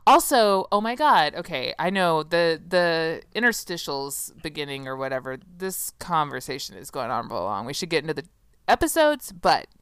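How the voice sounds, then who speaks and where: A woman's voice: deep voice, sing-song, normal speed, a bit bright, clear, resonant tone, dry recording. A woman co-hosting a podcast in casual chat, chatty and sarcastic, rambling and laughing often. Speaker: podcast co-host.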